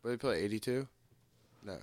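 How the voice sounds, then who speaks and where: A man's voice: lowish voice, moderate pace, no room sound, studio quality. Joking, quizzical man in casual chat. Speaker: podcast co-host.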